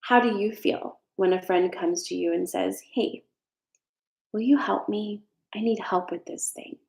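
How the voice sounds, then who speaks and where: A woman's voice: medium pitch, steady tone, unhurried, vocal fry, a little mellow, reverberant. A woman doing a casual tarot reading on a live stream, earnest and reassuring, with some frank swearing. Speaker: tarot reader.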